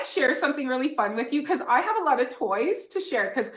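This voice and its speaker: A woman author and educator talking in an interview, animated and encouraging, often asking rhetorical questions. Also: sits high, a little fast, reverberant. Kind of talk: enthusiastic teaching talk in an interview.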